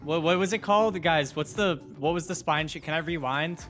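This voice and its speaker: A man's voice: on the high side, soft background music. A young man hosting a watch party stream, chatting casually, reading chat aloud and getting hyped with jokey asides. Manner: excitable, quick to get hyped, jokey asides.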